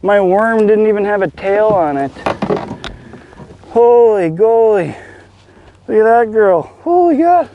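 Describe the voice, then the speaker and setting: A man's voice: sits high, expressive, takes it slowly, long pauses, phone-quality sound. A man on a kayak fishing, exclaiming giddily and laughing at each catch. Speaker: angler filming a fishing video. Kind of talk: excited outdoor fishing chatter. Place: on a kayak on a lake outdoors.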